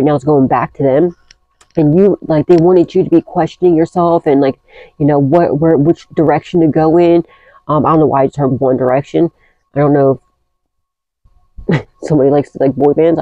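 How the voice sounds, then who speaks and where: A woman's voice: sits low, dry recording, narrow, tinny audio. A woman giving a casual tarot reading, blunt and profane, rambling through restarts as she talks to her viewers. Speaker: tarot reader.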